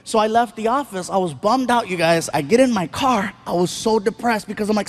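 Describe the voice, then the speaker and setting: A man doing stand-up comedy, telling stories in an animated, playful way and slipping into voices. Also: sits high, fast, hardly any pauses. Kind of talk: stand-up storytelling.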